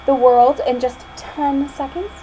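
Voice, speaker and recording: A woman voicing a bold young princess in a read-aloud storybook, sweetly flattering a dragon. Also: sits high, measured pace, a little hiss or hum, poor audio.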